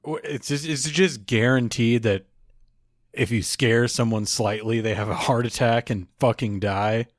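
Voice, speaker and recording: A man's voice: mid-range voice, steady tone, unhurried, no echo, clean studio sound. A man joking sarcastically in casual podcast chat, swearing often.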